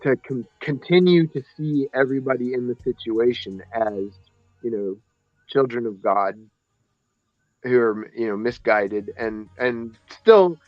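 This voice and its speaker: A man's voice: mid-range voice, measured pace, no echo, faint music behind. A man casually telling a personal story on a podcast, rambling and correcting himself as he goes. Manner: rambling, self-correcting, acts out voices in his stories. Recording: dry, slightly muffled podcast audio.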